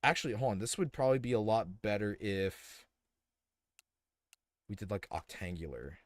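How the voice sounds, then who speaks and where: On a live stream of a building game, a young man casually thinks aloud, his rambling speech packed with fillers and restarts. His voice is on the low side and expressive, at a normal speed, with no room sound.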